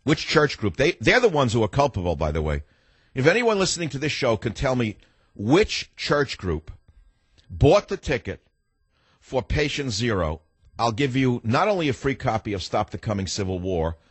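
A man's voice: mid-range voice, sing-song, normal speed, slightly rough, dry recording. An older man in his sixties hosting a talk radio show, delivering a combative, ranting monologue that turns reflective at times. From United States.

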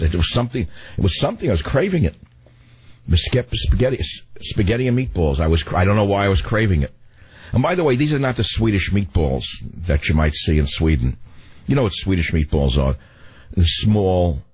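A low, husky-voiced man hosting talk radio. He holds forth in a combative, sarcastic monologue that wanders off into rambling asides, close on a studio mic. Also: darkish tone.

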